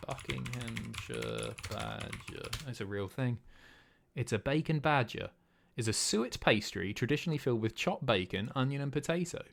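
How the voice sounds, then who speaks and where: Man, casual stream host, animated pitch, swears freely, chatty. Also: a little fast, slight background noise. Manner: chatty, swearing, guessing aloud. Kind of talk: casual chat reading chat.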